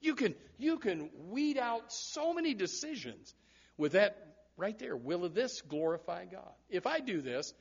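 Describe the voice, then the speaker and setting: Brief: male pastor, high voice, lively sermon delivery with loud bursts, dull lo-fi church recording. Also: a little slow, vocal fry, slightly rough. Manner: animated preaching with repeated words and sudden loud rises.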